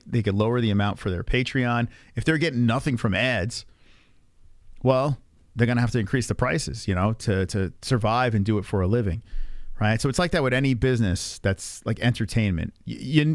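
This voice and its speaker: A man's voice: mid-range voice, no room sound, clean studio sound. A man streaming and reacting to videos in casual chat, blunt and swearing often as he talks to his viewers.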